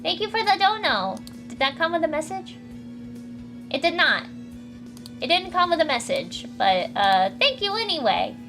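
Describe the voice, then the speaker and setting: A woman streams from her home with a fairly high voice, chatting and giggling between comic pages. She is quick to thank viewers, and faint music plays softly under her talk. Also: big pitch swings. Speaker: streamer reading comics aloud. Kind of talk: casual livestream chat. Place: home room. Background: faint music, dryer running.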